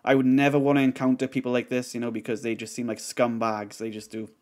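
A reaction streamer with a medium-pitched, monotone, slightly mellow voice talks fast as he comments on a video. He gets heated and swears, rambling with plenty of fillers.

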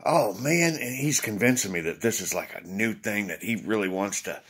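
A husky, low-voiced man rambles on to his viewers, tired and short on sleep. His pitch swings widely as he acts out quoted conversations and swears freely. The talk is loose, casual and unscripted. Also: lively intonation, normal speed, fairly bright tone. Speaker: vlogger addressing viewers.

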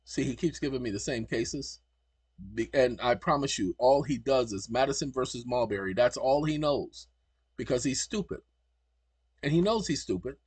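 A man's voice: medium pitch, animated, moderate pace, a little mellow, breathy edge, no echo. A man hosting his channel, lecturing combatively and spelling words out letter by letter. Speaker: channel host. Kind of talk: commentary on screen recording.

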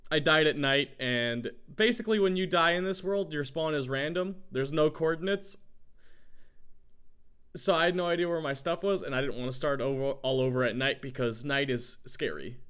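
A man with a groggy morning voice, chatting in a rambling, excitable way as he gives let's play commentary. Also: a little high, normal speed, clean tone. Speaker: gaming YouTuber.

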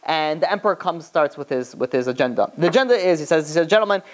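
Speaking a little high and fast, this rabbi retells a story in a relaxed lecture style. He performs each character's lines with energy and keeps saying "you know" as he goes.

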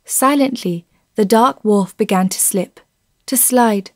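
A woman narrating a classic short story in a measured, unhurried way, close to the mic. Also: mid-range voice, no room sound. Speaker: audiobook narrator. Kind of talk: scripted narration.

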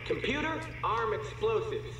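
A gloating villain from a video game, taunting at a slow, savoring pace with a high, swooping voice. It sounds distant and echoey under very loud music. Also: male voice, very animated. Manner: taunting, theatrical. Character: gloating adult male villain setting traps.

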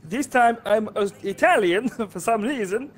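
A man's voice: high voice, animated, drawn-out words, pitched above the performer's own voice, full character voice. A man streamer putting on a hammy, over-the-top Italian man's voice to open a live gaming stream. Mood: cheery. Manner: hammy exaggerated accent, giggly. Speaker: streamer host.

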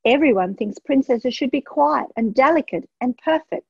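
A woman voicing a brave, loud young princess in a children's storybook, speaking with spirit and emphasis. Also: high-pitched, lively intonation, moderate pace, vocal fry, breathy edge, dry recording, voice pushed up, heavily acted. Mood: proud. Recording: dull lo-fi dry sound.

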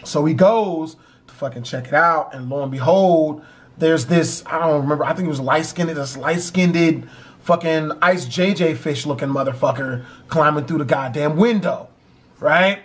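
High-voiced male vlogger, animated storyteller, swears constantly. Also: moderate pace. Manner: animated, heavy cursing. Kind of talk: storytime vlog.

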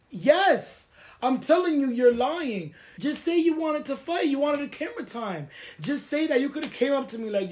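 A young woman from the US East Coast hosting a chat show, ranting in a confrontational, animated way and slipping into Spanish phrases. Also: high voice, normal speed. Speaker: podcast host. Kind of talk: heated casual chat.

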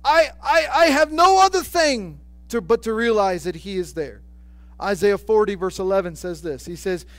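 A man with a high, light voice preaching a sermon. He tells stories quietly, then rises to fervent, ringing declarations and repeats phrases for emphasis. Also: rough recording. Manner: builds from soft storytelling to loud preaching. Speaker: pastor.

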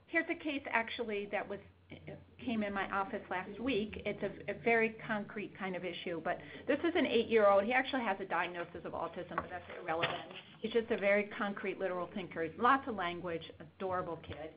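A woman's voice: medium pitch, a little fast, crowd noise. A woman pediatrician giving an informal workshop talk to parents, telling case stories in a chatty way with frequent ums. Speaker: developmental pediatrician presenting a workshop. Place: meeting room with a small audience. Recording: dull lo-fi room recording.

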